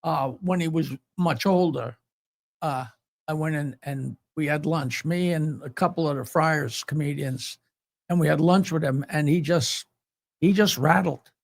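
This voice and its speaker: An older man hosting a podcast, telling stories in a casual, animated way and loudly acting out the people he quotes. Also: on the high side, measured pace, creaky. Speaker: podcast host. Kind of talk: casual storytelling chat.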